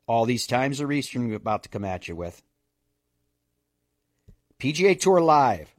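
A man's voice: mid-range voice, sing-song, moderate pace, long pauses, dry recording, studio quality. Jokey male golf radio host. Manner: chatty, jokey, rattling off schedules. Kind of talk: casual radio recap.

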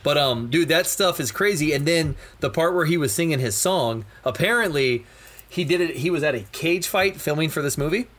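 A man's voice: fairly high pitch, animated, moderate pace, fairly bright tone. A young adult man co-hosting a podcast, talking in an enthusiastic, rambling way and saying "dude" a lot. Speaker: podcast co-host. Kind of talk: casual chat.

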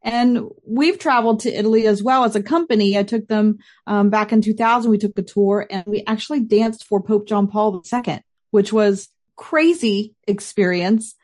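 A woman's voice: medium pitch, moderate pace, few pauses, a little mellow. A middle-aged woman, a professional dancer, hosting a podcast with an upbeat manner and a sprinkle of Italian greetings. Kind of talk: scripted podcast intro and casual interview.

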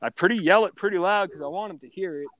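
A man spinning a rowdy, profane story for a podcast, talking loud and animated. His voice sits fairly high for a man. The recording is close and dry, with almost no room sound. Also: fast talker, no room sound. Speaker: guest storyteller.

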